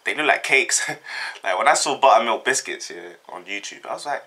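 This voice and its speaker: A man's voice: medium pitch, moderate pace, few pauses. A young man, chatting casually in a laid-back way on a vlog. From Britain. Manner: relaxed, laid-back slang. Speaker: vlogger. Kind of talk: casual chat.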